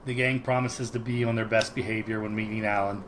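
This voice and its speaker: A man's voice: lowish voice, little pitch movement, fairly quick, background noise. A man co-hosting a podcast, casually recapping a sitcom episode, rambling with many ums and frequent laughs. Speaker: podcast co-host.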